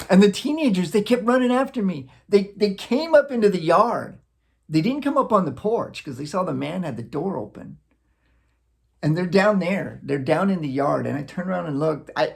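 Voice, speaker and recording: Gravelly man telling a lively story. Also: high-pitched. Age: adult, looking back on childhood. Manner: animated, acts out sounds, chuckles often. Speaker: vlogger. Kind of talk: casual storytelling.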